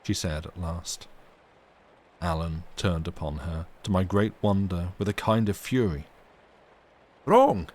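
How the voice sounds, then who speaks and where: A man reading a classic novel aloud on a livestream, steady and measured. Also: low-pitched. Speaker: reader.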